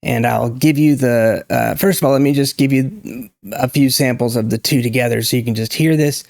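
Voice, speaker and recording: Man, gravelly voice, emphatic and opinionated, casual talk to camera, dry close sound. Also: medium pitch, steady tone, normal speed, a little mellow, no room sound. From United States. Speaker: YouTube language commentator.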